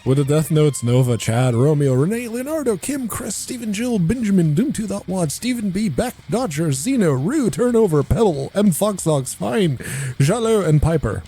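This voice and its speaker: A man's voice: high voice, sing-song, dark tone, breathy edge, soft background music. A man whose first language is Portuguese, co-hosting a podcast in casual chat and laughing often. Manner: laughs easily, reads lists quickly. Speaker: podcast co-host. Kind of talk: casual live podcast banter.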